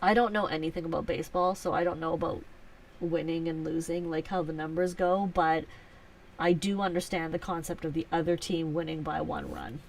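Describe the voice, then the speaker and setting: A woman's voice: low-pitched, steady tone, brisk, far from the mic, a little hiss or hum. A woman hosting a live stream, chatting casually with viewers and teasing herself, with frequent laughs. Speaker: livestream host.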